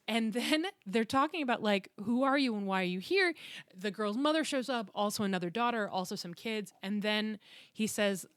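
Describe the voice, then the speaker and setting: A woman co-hosting a podcast, retelling a book plot in casual chat, animated and laughing, with some swearing. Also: mid-range voice, no room sound, clean studio sound.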